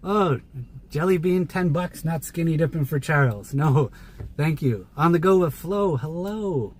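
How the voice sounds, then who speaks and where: A man's voice: fairly high pitch, expressive, a little slow. A man hosting a livestream, chatting casually from inside a car while he drives. He is chatty, laughs often and thanks viewers by name. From Canada. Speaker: livestream host. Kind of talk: casual chat while driving. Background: faint car noise.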